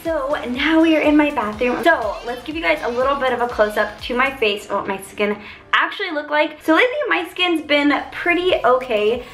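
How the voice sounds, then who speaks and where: Young American woman, beauty vlogger, high and bright, giggly casual chat. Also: brisk, soft background music. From United States. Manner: bubbly, chatty, giggly. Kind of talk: casual product review vlog.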